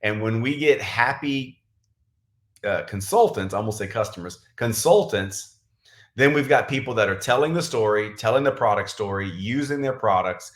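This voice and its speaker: Lowish guy rambling fast on a team livestream, lots of ums, echoey room. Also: lively intonation. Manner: rambling, many fillers and self-corrections; says he is talking really fast. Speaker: direct-sales team leader. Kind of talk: casual livestream training. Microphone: camera mic on livestream.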